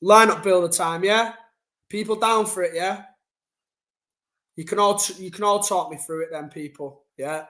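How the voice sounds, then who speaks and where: A man's voice: sits high, moderate pace, long pauses, sharp tone. A young man ranting bluntly and casually to his chat during a football live stream, swearing and using slang.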